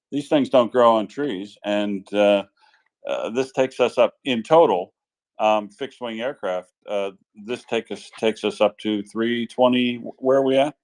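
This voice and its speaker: A man's voice: medium pitch, a little slow, darkish tone, poor audio. A man co-hosting an online audio chat, wry and rambling, trailing off mid-thought. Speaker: co-host and analyst. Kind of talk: casual chat.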